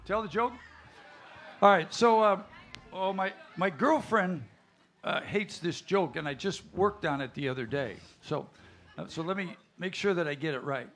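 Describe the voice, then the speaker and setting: High-voiced gravelly man emceeing. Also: normal speed, fairly bright tone. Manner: rambling, many uhs, chuckles at own jokes. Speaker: stage show host and emcee. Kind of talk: joking stage banter with audience. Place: live music stage before an audience.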